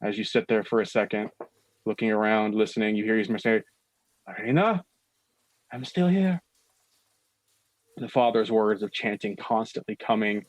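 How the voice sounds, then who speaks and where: A man's voice: lowish voice, completely flat delivery, no room sound. Dry-voiced man narrating a horror game. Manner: slow, suspenseful scene description with casual asides. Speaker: dungeon master.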